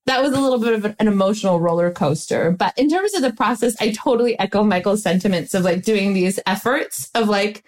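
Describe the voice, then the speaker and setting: A woman's voice: mid-range voice, brisk, hardly any pauses, a little mellow. A woman from the United States, a voice-actress guest chatting casually in a bubbly, talkative way with laughs between phrases. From Western Massachusetts, US. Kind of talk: casual chat.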